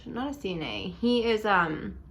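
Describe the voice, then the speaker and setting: A young woman casually telling a dating story at home in a chatty, animated way, full of likes and ums. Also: medium pitch, normal speed, slight background noise. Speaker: vlogger.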